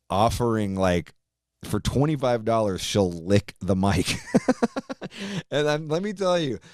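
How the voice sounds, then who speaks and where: A man's voice: lowish voice, a little mellow, dry recording, clean studio sound. A man hosting his own podcast, chatting casually in a rambling way, swearing a lot and laughing often. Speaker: podcast host. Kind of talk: casual profane chat.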